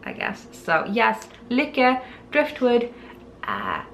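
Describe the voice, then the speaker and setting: Lady guest on a podcast, bit of vocal fry, laughs at herself, trips on english words. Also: a little high, wildly swooping pitch, slow, a bit bright, slight background noise. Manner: giggly, self-deprecating, stumbles over English words. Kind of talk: casual chat, showing a yarn haul.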